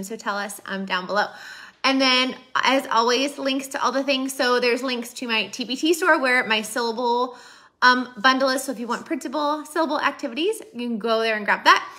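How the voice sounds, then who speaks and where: Upbeat, bright-voiced teacher woman. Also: a little high. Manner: chatty, upbeat, many fillers. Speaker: preschool teacher and educational video host. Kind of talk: casual teaching video.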